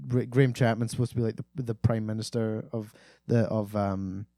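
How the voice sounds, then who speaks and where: A man co-hosting a podcast in casual chat, halting, with many restarts and ums. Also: lowish voice, fairly even intonation, dark tone, no echo, studio quality. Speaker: podcast co-host.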